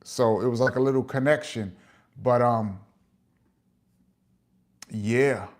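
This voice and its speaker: A middle-aged man with a New York accent hosts a casual live chat, reading viewer comments aloud and giving long-winded shout-outs. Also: mid-range voice, slow pace. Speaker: host of a live chat show.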